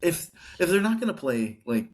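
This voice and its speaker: A man's voice: a little high, big pitch swings, normal speed. A man co-hosting a casual hockey podcast, rambling and saying "like" often. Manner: rambling, heavy use of "like". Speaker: podcast co-host.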